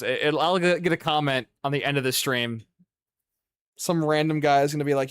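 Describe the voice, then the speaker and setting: A man's voice: on the high side, moderate pace, a bit bright, clear, resonant tone, dry recording. Profane young man ranting on stream. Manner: rambling, profane, exasperated ranting. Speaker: gaming streamer. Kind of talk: casual livestream chat.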